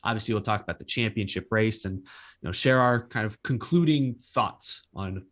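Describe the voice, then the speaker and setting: Relaxed male podcast co-host. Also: fairly low pitch, moderate pace. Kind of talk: casual podcast chat.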